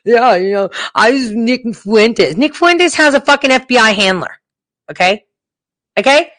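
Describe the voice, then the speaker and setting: A woman's voice: a little high, expressive, measured pace, fairly bright tone, no room sound. A woman talking straight to her viewers, heated and emphatic, swearing freely as she rants. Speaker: political commentator. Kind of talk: casual profane rant to viewers.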